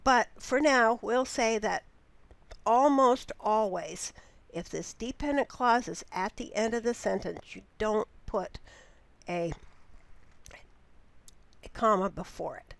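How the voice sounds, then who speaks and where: A woman instructor explaining grammar in a recorded lecture, patient and deliberate, with occasional restarts. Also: a little high, creaky. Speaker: writing instructor.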